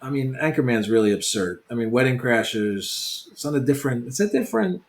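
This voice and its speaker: A man co-hosting a casual podcast, giving relaxed, measured opinions. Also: mid-range voice. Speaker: podcast co-host. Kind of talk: casual chat.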